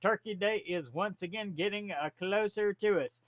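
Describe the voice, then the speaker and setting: A man's voice: sits high, moderate pace, no echo. A man, talking bluntly and folksily to camera from his home office. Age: 40s. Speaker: vlogger. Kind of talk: casual to-camera monologue.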